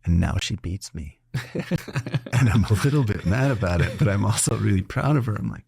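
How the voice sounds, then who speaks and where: A middle-aged man with a deep, gravelly voice and a touch of husky rasp hosts a relaxed interview. He tells stories warmly and animatedly, laughing and putting on voices for the people he quotes. The sound is close and dry. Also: fairly quick, dry recording. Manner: animated storyteller who laughs often and acts out quotes. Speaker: doctor and podcast host. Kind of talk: casual conversational interview.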